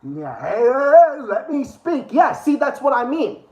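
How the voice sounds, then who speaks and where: A man's voice: extremely high pitch, sing-song, unhurried, darkish tone, reverberant, rough recording. A man hosting a livestream and ranting over clips in a profane, sarcastic, exasperated way. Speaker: livestream host.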